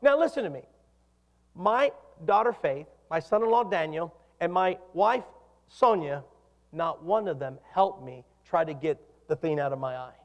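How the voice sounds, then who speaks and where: A middle-aged man preaching a sermon as pastor, animated and putting questions to his congregation. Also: fairly high pitch, moderate pace. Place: church hall. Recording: reverberant hall.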